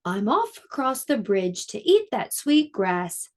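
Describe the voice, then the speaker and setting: A woman's voice: medium pitch, very animated, takes it slowly. A woman voicing the middle-sized billy goat in a children's storybook reading, asking politely to cross. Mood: eager.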